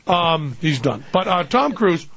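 A man's voice: a little high, sing-song, measured pace, gravelly, fairly bright tone, husky, muffled recording. A man hosting a podcast, telling comic stories in a wry, exasperated way and slipping into put-on voices. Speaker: podcast host.

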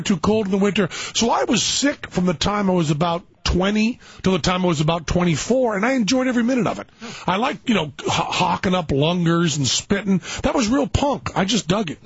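A man's voice: sits high, slightly rough, no room sound, highs cut off. A man hosting a call-in radio show, chatting in a rambling, anecdotal, jokey way.

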